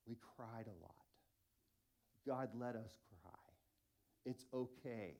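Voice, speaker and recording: A man in his forties preaching a sermon as lead pastor, telling stories in an animated, self-mocking way. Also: mid-range voice, slow, creaky, pauses often.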